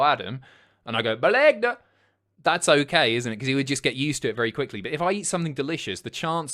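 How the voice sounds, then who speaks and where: Sweary man streaming live. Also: medium pitch. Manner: sweary, rambling, jokey, jumps between loud outbursts and mumbles. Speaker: live streamer reading chat messages. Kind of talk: casual livestream chat.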